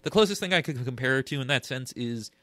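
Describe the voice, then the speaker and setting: A man co-hosting a podcast in casual chat, thoughtful and halting as he recalls details. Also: medium pitch, lively intonation, pushed and bright, no room sound. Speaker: podcast co-host.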